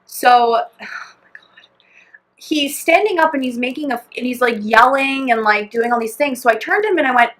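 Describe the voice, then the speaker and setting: A woman's voice: sits high, expressive, moderate pace, fairly bright tone. A young woman co-hosting a podcast, telling a long story in a rambling, laughing way, full of "like" and acted-out quotes. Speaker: podcast co-host. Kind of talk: casual chat storytelling.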